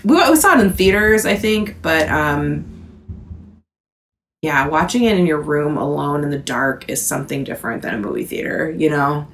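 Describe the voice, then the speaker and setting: A woman's voice: low voice, animated, normal speed, a bit bright, a little hiss or hum. A woman in her thirties co-hosting a podcast, chatting casually and laughing often, with lots of fillers. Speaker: podcast co-host. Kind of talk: casual chat.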